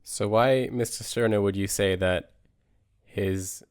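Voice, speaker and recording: A man co-hosting a podcast, asking measured questions about a philosophy book with pauses. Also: on the low side, fairly even intonation, a little mellow, clean tone, no room sound, clean studio sound. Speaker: podcast co-host. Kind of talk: casual book discussion.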